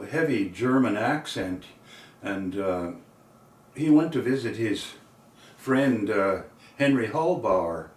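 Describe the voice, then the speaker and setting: An older man telling a folksy story in a rambling, unhurried way, filling gaps with "you know" and "uh", heard from a distant mic in an echoey room with faint accordion behind. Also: on the low side, a little mellow, slight background noise. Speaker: storyteller and singer.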